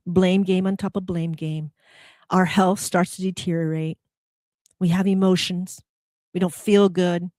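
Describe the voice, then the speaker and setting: A woman's voice: fairly low pitch, a little mellow, dry recording, studio quality. A woman hosting a spiritual motivational talk, probing her listeners with rhetorical questions. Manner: acts out quoted complaints in a heated voice. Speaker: host.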